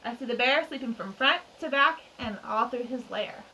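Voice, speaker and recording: A woman teacher reading a picture book aloud to young children, expressive and chatty with little asides. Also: fairly high pitch, normal speed, a little hiss or hum. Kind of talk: children's storytime read-aloud. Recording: distant mic.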